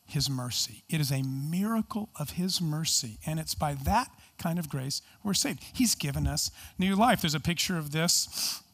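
A man's voice: a little high, animated, normal speed, a bit bright. A man preaching a sermon in an earnest, emphatic way, asking rhetorical questions and explaining scripture. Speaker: pastor.

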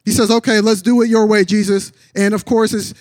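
A man preaching a sermon, telling a story with drops into a low, soft voice for quoted lines. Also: flat delivery, a little fast, dry recording, studio quality. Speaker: pastor.

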